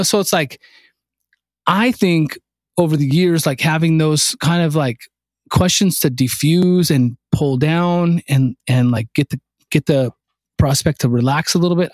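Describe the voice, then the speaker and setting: Animated storytelling man, dry close mic. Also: a little high, dry recording. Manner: animated storyteller, acts out dialogue. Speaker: contracting business owner. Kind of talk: casual podcast chat.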